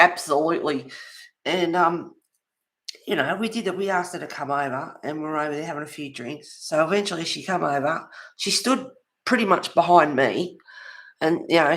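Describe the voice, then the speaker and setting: A woman's voice: low voice, a bit bright. A woman hosting a casual livestream from home, rambling through gossipy neighbour stories and laughing often. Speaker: colouring livestream host.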